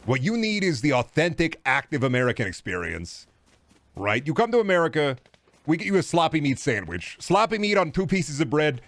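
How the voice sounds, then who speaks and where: Dude ranting while he streams a game, swears a ton, slightly high voice, dry close sound. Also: no echo. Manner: rambling, profane, riffs into silly voices. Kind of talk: casual gaming stream chat.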